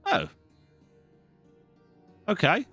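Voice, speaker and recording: A man's voice: extremely slow, sharp tone, soft background music. A man giving casual gameplay commentary, full of wry, joking asides. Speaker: let's play host.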